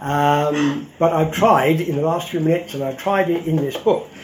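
An older man delivers a public history lecture in a wry, conversational tone, dropping ums and little asides as he goes. His voice sits a touch high for a man. It rings through a roomy hall with a faint hum of background ambience. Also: steady tone, normal speed. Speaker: historian giving a talk.

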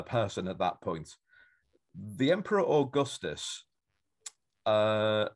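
Lively man telling an anecdote. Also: fairly low pitch. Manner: animated, breaks into loud shouted quotes. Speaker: podcast host. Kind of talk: anecdotal storytelling.

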